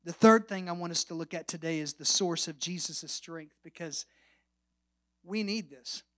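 A man preaching a sermon as pastor. He tells the story with big swings between loud and soft, and drops to a near whisper at the ends of phrases for emphasis. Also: fairly high pitch, moderate pace.

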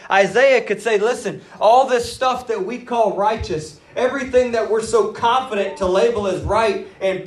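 A man preaching a sermon in an animated, dramatic way, acting out the quoted words. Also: sits high. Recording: roomy, voice from a distance.

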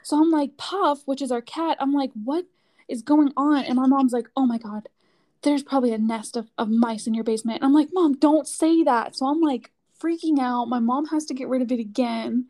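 A woman's voice: sits high, fairly quick, warm tone. A woman chatting casually, telling a story with lots of "like" fillers. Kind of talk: casual chat.

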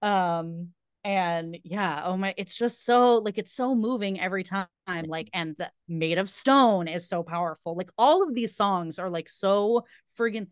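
A woman's voice: medium pitch, unhurried, smooth, no echo, studio quality. A woman co-hosting a podcast, talking in a rambling, emphatic way with many fillers. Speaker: podcast co-host. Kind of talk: casual chat.

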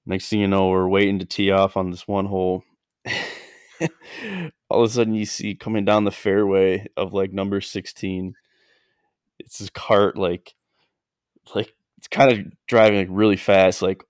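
A man's voice: low voice, flat delivery, normal speed, pauses often, clean tone, no echo, clean studio sound. A man co-hosting a casual chat, telling a story with lots of fillers and frequent laughs. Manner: rambling, laughs often, many "like" fillers. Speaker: podcast co-host.

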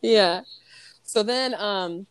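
A woman co-hosting a podcast, chatting casually and breaking into giggles as she acts out lines from a movie. Her voice sits at a middle pitch, recorded close and dry with no room sound. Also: very slow, clean tone, no room sound. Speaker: podcast co-host. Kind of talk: casual chat recapping a movie.

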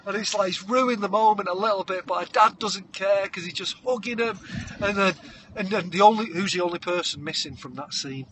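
A man, co-hosting a podcast and spinning an animated comic story, breaking into shouted character voices and hummed tunes. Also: high-pitched, brisk, slight background noise. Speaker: podcast co-host.

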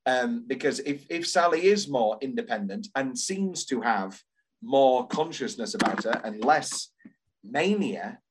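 Gushing animated man on a podcast. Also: mid-range voice, a little slow, noisy background. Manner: animated, gushing, many restarts. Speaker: podcast co-host. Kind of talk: casual enthusiastic chat.

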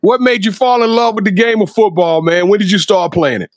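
A man hosting a casual interview, energetic and slangy, often repeating words as he thinks. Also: high-pitched, fairly quick, dry recording, clean studio sound. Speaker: interview host.

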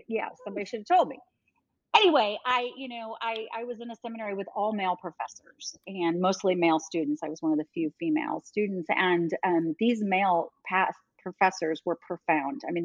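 A middle-aged woman speaking as a guest, lively and quick to laugh, doubling back on her own sentences. Her voice sits fairly low. The sound is dull and dry, with little room in it. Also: dry recording. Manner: animated, laughing, self-interrupting. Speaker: guest, ministry leader. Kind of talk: conversational storytelling.

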